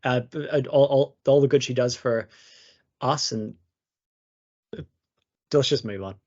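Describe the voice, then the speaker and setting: A man's voice: mid-range voice, unhurried, darkish tone, muffled recording. A man co-hosting a casual sports podcast, agreeing along, laughing and hesitating with fillers. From Australia. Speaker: podcast co-host.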